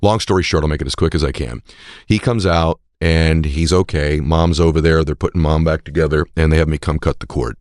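A man telling an emotional personal story on a played clip, intense at times and dropping to soft, whispered tenderness. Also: very deep voice, fairly even intonation, a little fast, few pauses, no echo, studio quality. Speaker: guest speaker on a played clip.

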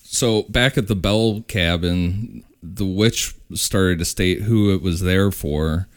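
Deep-voiced man telling a story. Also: slow. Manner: relaxed, with fillers and restarts. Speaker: podcast host. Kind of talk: casual storytelling.

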